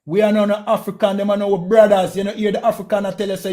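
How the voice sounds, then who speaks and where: A man's voice: sits high, level tone, quick pace, mellow. A man with a Jamaican accent preaching in a heated, confrontational way, repeating his phrases for emphasis. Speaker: street preacher.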